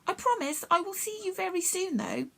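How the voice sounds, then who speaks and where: A tiny bumblebee speaks in a high, faint, breathless voice, put on by a woman reading a storybook. She is gentle and grateful, and her voice swoops up and down. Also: expressive, moderate pace, creaky, heavily acted. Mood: weak, grateful. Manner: soft and breathless. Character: small weak female bumblebee, gentle and grateful.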